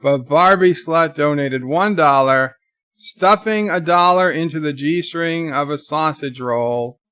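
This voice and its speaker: Guy streaming from bed reading chat out loud, wry and rambly, slowish, fairly high voice. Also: clean tone, no echo, studio quality. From United States. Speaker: livestream host reading donations and chat. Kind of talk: casual chat.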